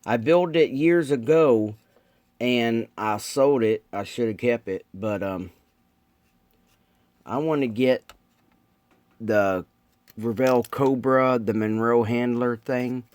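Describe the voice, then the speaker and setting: A man's voice: medium pitch, slow, long pauses, a little mellow, dry recording. A man chatting casually with viewers while building model cars, rambling and laid-back with lots of ums. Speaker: model car builder streaming live. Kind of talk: casual live-stream chat.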